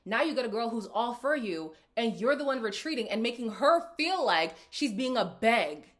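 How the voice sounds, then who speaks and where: A woman's voice: fairly high pitch, lively intonation, moderate pace, fairly bright tone. A woman hosting a reality TV recap, chatting casually and sassily with viewers and laughing often. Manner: sassy, laughing, talks straight to viewers. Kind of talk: casual reaction commentary.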